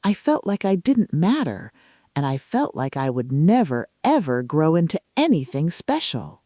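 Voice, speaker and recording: A woman voicing a huge, gentle male giant who speaks kindly and softly. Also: deep voice, very animated, moderate pace, no room sound, studio quality. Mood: reassuring.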